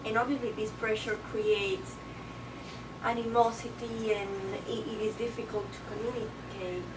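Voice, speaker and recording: A woman's voice: a little high, fairly even intonation, moderate pace. A woman in the audience asking a question hesitantly, searching for her words. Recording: distant mic, noisy room.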